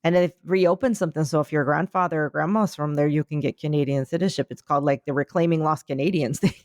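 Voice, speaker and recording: A woman's voice: low-pitched, quick pace, no room sound, studio quality. A woman podcast co-host with an occasional Philadelphia accent, telling rambling stories in casual chat. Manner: rambling storyteller, many restarts.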